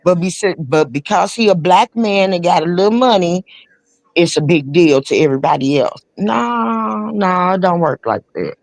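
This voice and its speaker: A woman's voice: lowish voice, expressive, moderate pace, no room sound. A woman, giving blunt, emphatic opinions in casual chat.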